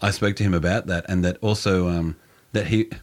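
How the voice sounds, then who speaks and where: Deep guy, stop-start chatty host. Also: steady tone. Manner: halting, many restarts and backchannels. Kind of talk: casual interview chat.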